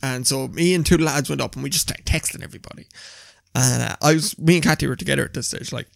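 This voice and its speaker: A young man telling stories on a podcast, animated, laughing often and swearing casually. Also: mid-range voice, fast talker, vocal fry, no echo, studio quality. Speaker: podcast co-host. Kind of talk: casual chat.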